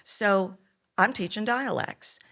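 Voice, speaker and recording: A woman's voice: mid-range voice, slow, vocal fry. A middle-aged woman with a Texan accent, a voice coach telling her story animatedly in an interview. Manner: animated storyteller, acts out quoted lines.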